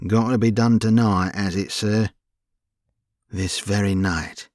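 A man's voice: on the low side, fairly even intonation, slow pace, a little mellow, no echo, clean studio sound. A man reading an audiobook, voicing an angry rich young man who plots a kidnapping, curt and commanding. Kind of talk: audiobook character voice.

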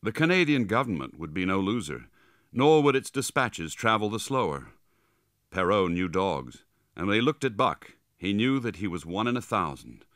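A man reading a story aloud in a lower register, his delivery dramatic and vivid with a wide, lively swing of pitch. His tone is bright and forceful in a close, dry recording. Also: moderate pace, no echo. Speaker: audiobook narrator. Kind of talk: scripted narration.

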